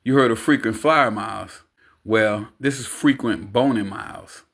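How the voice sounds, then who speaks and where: A man voicing a cocky, teasing, smooth-talking womanizer in an audiobook. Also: fairly low pitch, moderate pace, fairly bright tone. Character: smooth-talking womanizing male friend, adult, brash.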